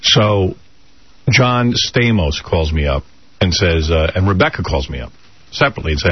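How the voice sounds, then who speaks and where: A man telling a comic story on a radio talk show, animated and excitable, acting out every voice. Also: sits low, moderate pace, breathy edge, no echo, highs cut off.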